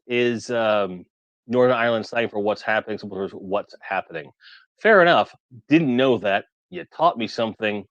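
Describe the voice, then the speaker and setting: Low-voiced man chatting on a livestream. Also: a bit bright, no room sound. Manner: rambling, reads viewer comments aloud. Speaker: toy collector livestream host. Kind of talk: casual livestream chat.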